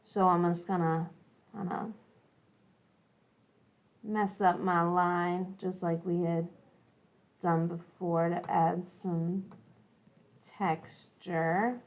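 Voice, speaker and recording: A woman's voice: on the low side, flat delivery, very slow, pauses often. A young adult woman teaching an art lesson, chatty and encouraging, thinking aloud as she draws and colors. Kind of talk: classroom art lesson video.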